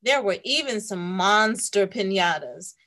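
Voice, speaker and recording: A woman host reading a picture book aloud to young children, animated and teacherly. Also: mid-range voice, measured pace. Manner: animated, warm teacherly storytelling.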